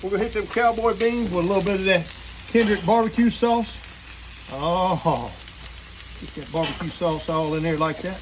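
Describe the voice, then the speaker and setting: A man's voice: high voice, moderate pace. A man hosting a casual outdoor cooking vlog, talking folksy to viewers as he cooks. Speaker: cooking channel host. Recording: sizzling griddle noise behind.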